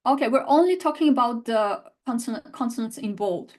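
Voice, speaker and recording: A woman's voice: fairly high pitch, expressive, brisk, a little mellow. A woman teaching a live online lesson, reading out student answers and repeating sounds for learners to copy. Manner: demonstrates sounds by repeating them. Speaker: language teacher.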